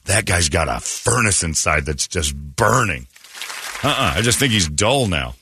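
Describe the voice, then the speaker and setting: A man's voice: sits low, sing-song, unhurried, noisy background. A man hosting a morning radio show, ranting sarcastically in casual banter. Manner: sarcastic, mocking rants.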